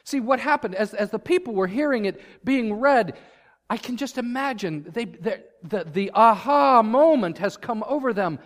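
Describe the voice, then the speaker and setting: A pastor preaches a sermon in a church sanctuary with a high-sitting, expressive voice at a moderate pace. He's earnest and builds to fervent emphasis, and the church hall gives it a long reverb.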